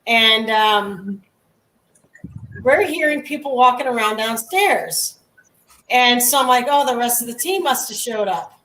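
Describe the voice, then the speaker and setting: A woman's voice: fairly high pitch, lively intonation, a little slow, sharp tone. A woman who is a guest paranormal investigator, telling stories casually and laughing along the way. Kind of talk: casual storytelling. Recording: roomy and distant from mic.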